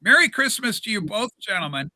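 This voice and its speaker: A man hosting a casual livestream chat from a desk mic, rambling and animated. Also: high voice, a little fast, no echo. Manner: rambling and animated, with many fillers. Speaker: livestream show host. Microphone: desk microphone.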